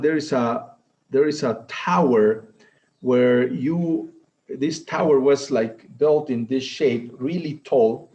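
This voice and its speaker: Slow-talking man, dull audio. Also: mid-range voice, warm tone. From Peru. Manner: halting, searching for words with many fillers. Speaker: guest, ceremony leader. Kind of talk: conversational interview.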